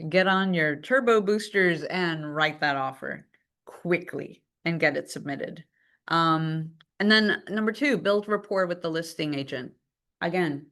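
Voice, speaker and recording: A woman with a fairly low voice teaches a live class in a relaxed, chatty way. She acts out quick phone calls as she goes, and she sounds lively and conversational throughout. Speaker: real estate trainer.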